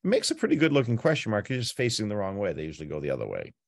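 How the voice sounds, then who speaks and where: A man presenting a night sky tour, teaching in a chatty, playful way with frequent jumps in pitch. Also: huge pitch swings, rapid-fire, gravelly, no room sound. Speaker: planetarium presenter. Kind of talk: informal astronomy talk.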